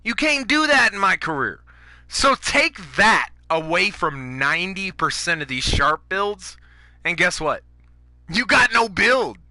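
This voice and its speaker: A man's voice: sits high, sharp tone, no echo. A man ranting over gameplay, profane and fired up, going after other players' habits. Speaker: gaming YouTuber.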